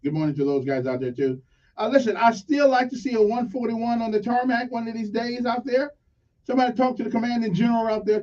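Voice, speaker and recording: A man hosting a morning radio talk show, rambling casually through shout-outs to local crews. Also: extremely high pitch, distant mic. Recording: dull lo-fi sound, slightly off-mic.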